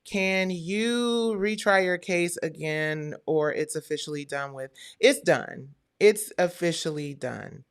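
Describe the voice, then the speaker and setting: A woman's voice: on the low side, takes it slowly, hardly any pauses, clean tone. A woman hosting a live stream, chatting casually and talking straight to her viewers.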